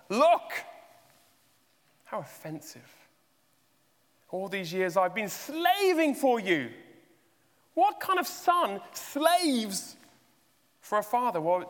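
A man delivering a sermon with a voice pitched a little high, leaning hard on rhetorical questions and emphatic rises. A long reverb trails each phrase as it rings through a large hall. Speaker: preacher.

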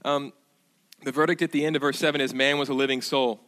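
A man preaching a sermon as pastor, earnest and direct with his listeners, rising to emphatic bursts and dropping to hushed, reverent low tones. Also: steady tone, quick pace. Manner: addresses listeners directly with asides and questions.

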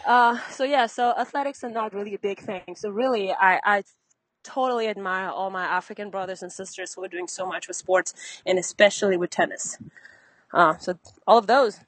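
A woman's voice: medium pitch, moderate pace, dry recording, poor audio. Slightly breathless woman tennis coach. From Benin. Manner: lively storyteller, laughs often. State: a little out of breath. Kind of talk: casual interview chat.

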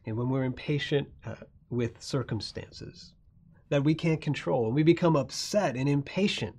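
A male pastor delivering a sermon at a mid-range pitch. He drops to soft, low phrases, then builds to loud, emphatic lines. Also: normal speed.

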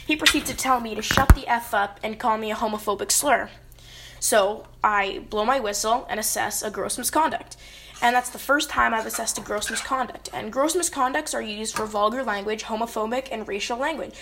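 Lady ref chatting away, lots of basically and right, kinda higher voice w gravel in it. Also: brisk, noisy background. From British Columbia, Canada. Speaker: hockey referee. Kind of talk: casual advice storytelling.

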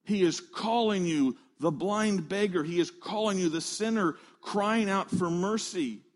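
A man preaching a sermon, earnest and emphatic, leaning on slow, stressed phrases. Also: sits high. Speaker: pastor.

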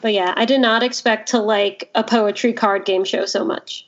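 A woman hosting a casual podcast, talking in an animated way with quick asides. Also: medium pitch. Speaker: podcast host. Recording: dull lo-fi sound.

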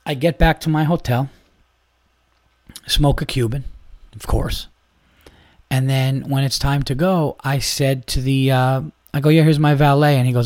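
A man hosting a podcast, telling stories in a casual, animated way, acting out quotes and swearing freely. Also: medium pitch, a little slow, long pauses, no room sound. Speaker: podcast host. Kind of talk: casual chat.

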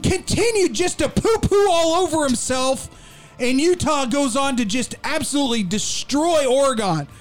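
A man co-hosting a sports talk show, ranting with animated mock quotes in a studio. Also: very high voice, normal speed. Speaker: co-host.

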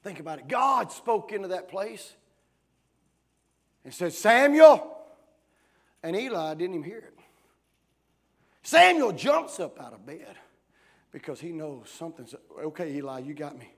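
A pastor in his forties preaching a sermon, swinging between hushed talk and shouting, with many "uh" fillers between phrases. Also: high voice, big pitch swings, a little slow, vocal fry, long pauses, husky. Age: 40s.

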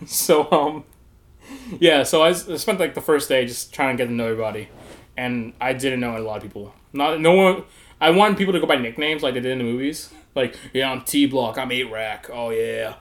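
A man tells a long story in casual conversation and laughs through it. He acts out the voices of the people in it. His pitch sits in a middle range. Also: fairly quick. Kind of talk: casual chat.

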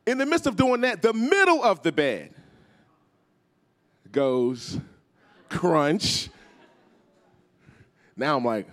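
A man's voice: on the high side, unhurried, pauses often. A man preaching a storytelling sermon as guest speaker, acting out voices and calling on the congregation to respond. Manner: animated, acts out voices, calls on the crowd.

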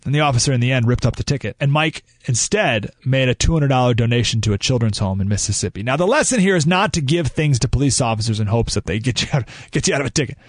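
A man's voice: medium pitch, animated, fast, hardly any pauses, dry recording, clean studio sound. Emphatic ranting male radio host. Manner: ranting, emphatic, with restarts and asides. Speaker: radio talk show host. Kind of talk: opinionated radio monologue. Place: radio studio. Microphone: studio microphone.

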